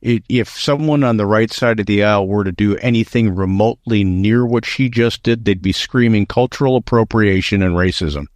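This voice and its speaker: A man's voice: lowish voice, moderate pace, hardly any pauses, no room sound, studio quality. A man co-hosting a casual political talk show, emphatic and opinionated, often restarting his sentences. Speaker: co-host.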